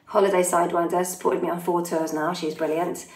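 Chatty woman with gravelly, low voice. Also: level tone, fairly quick, darkish tone. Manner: chatty, self-deprecating, reads names and towns before answering. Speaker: singer answering fan questions. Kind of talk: casual Q&A, reading out fan questions. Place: holiday home in Italy, family in next room. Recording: roomy echo.

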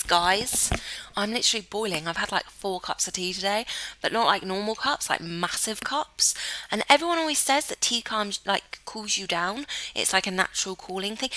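Her voice mid-range and sharp on a dry recording, a young Cornish woman from Cornwall, England, gives casual let's-play commentary as a gameplay YouTuber. She urges her character on, occasionally slipping into a whisper.

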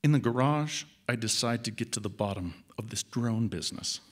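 A male author reading his own short story aloud in measured, expressive first-person narration. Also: lowish voice.

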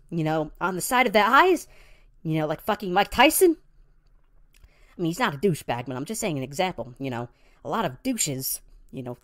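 Brash pizzeria boss lady voiced by a woman, profane, rambling, high voice, lively swoops, dry close sound. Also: no echo. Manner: profane, rambling, many "you know" fillers; calls the listener sweetie and honey. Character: brash foul-mouthed female pizzeria boss. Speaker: boss lecturing trainees. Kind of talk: comedic character monologue.

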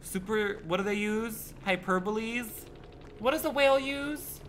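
A man's voice: high-pitched, unhurried, fairly bright tone, a little hiss or hum. A man livestreaming a game, chatting with his viewers in a sassy, campy, profane way, full of rambling rhetorical questions. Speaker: gaming livestreamer. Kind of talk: casual stream chat.

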